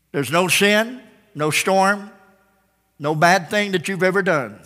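A man preaches a revival sermon to his congregation in an emphatic, repetitive style that swells into loud calls and drops to hushed phrase endings. His voice is bright and tense and sits a little high. A long reverb fills the church sanctuary.

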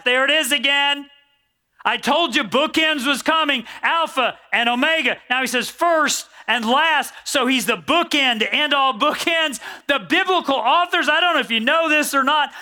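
A man preaching a sermon, reading scripture aloud in an animated way and joking with the congregation. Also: extremely high pitch, normal speed, smooth. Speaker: pastor.

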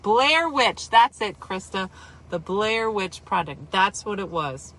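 A woman from New Jersey telling a story in casual chat, animated and exaggerated, with quick asides. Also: mid-range voice.

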